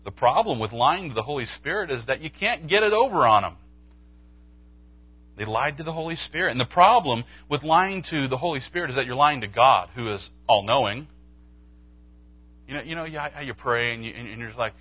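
A man's voice: a little fast, long pauses, lo-fi sound. A man preaching a sermon in church, telling a story and acting out its dialogue. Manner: animated storytelling, acts out dialogue with pitch jumps. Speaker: pastor. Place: church sanctuary.

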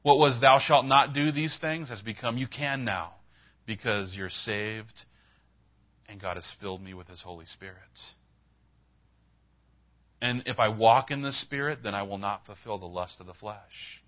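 A man's voice: fairly low pitch, a little slow, pauses often, highs cut off. A man preaching a sermon as pastor, telling a story in a conversational way and retelling dialogue with rising emphasis.

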